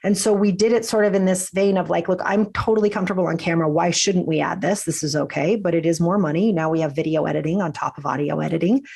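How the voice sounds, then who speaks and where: A woman business coach talking as a podcast guest, chatty and animated, acting out quotes, while she has a cold. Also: lowish voice, fast talker, vocal fry, few pauses, slightly rough. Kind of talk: casual interview chat.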